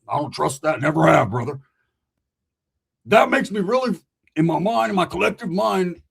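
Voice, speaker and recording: A man's voice: fairly high pitch, gravelly, slightly rough. A man telling a rambling, profane street story in casual slang, full of asides.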